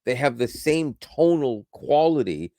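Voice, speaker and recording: A man's voice: mid-range voice, animated, measured pace, warm tone, no room sound, studio quality. A man co-hosting a podcast, chatting casually about tech, rambling and correcting himself as he goes and laughing often. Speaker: podcast co-host.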